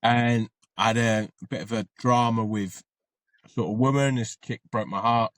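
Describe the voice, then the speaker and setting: A man's voice: mid-range voice, fairly even intonation, normal speed, dry recording. A man, an army veteran and podcast guest, telling his story in a rambling, casual way and swearing freely.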